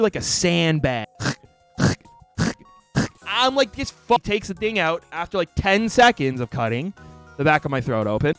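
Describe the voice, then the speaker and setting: A man streamer telling a story in casual talk to his viewers, animated and profane, acting out the people in it. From Canada. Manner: animated, profane, mimics the doctor in raised pitch.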